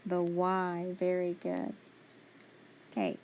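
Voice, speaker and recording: A woman's voice: mid-range voice, a little slow, slight background noise. A woman teaching a phonics spelling lesson, patiently sounding out letters and praising each answer.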